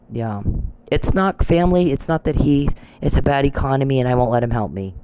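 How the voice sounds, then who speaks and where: A woman's voice: very deep voice, brisk, hardly any pauses, warm tone, smooth, low-quality recording. Combative woman ranting, profane and rambling. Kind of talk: angry monologue to camera.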